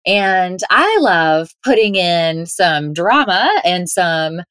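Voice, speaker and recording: A woman's voice: lowish voice, animated, takes it slowly, a bit bright, smooth, no room sound, studio quality. A woman guest on a podcast interview, talking in an upbeat, playful way. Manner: upbeat, playful, laughs often. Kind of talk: interview, conversational.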